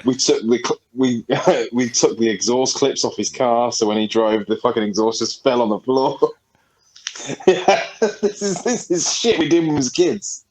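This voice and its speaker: A man's voice: medium pitch, normal speed, darkish tone, poor audio. A man, a podcast co-host telling a story in a rambling, sweary, casual way. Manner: rambling, sweary, laughing often.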